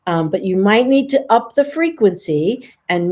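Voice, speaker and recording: A woman's voice: moderate pace, few pauses, a little mellow. Chatty woman dog trainer. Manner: friendly, chatty, lifts her voice high for sample calls. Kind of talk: casual instructional talk to camera.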